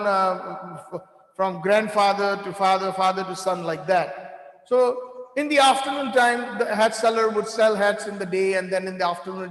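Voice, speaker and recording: A man giving devotional storytelling talk at a temple, lively and anecdotal, slipping in Hindi phrases. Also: sits high. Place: temple hall. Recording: echoey hall with long reverb.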